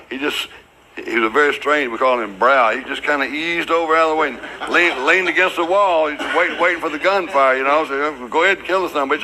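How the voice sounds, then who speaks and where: An older man telling a story in a documentary interview, rambling and restarting, with loud quoted outbursts. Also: mid-range voice, slight background noise, poor audio. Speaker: interviewee recalling past events.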